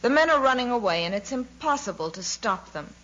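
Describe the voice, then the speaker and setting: A woman's voice: on the high side, sing-song, brisk, a bit bright, highs cut off, voice pushed up. Woman voicing a coolly contemptuous officer. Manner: cool, matter-of-fact reporting. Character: haughty male foreign officer, coolly contemptuous.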